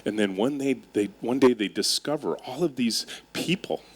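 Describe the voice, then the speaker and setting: On stage before a live audience, a middle-aged keynote speaker and company leader tells wry, self-mocking stories and engages the crowd with questions. His medium-pitched voice has a breathy edge and a moderate pace.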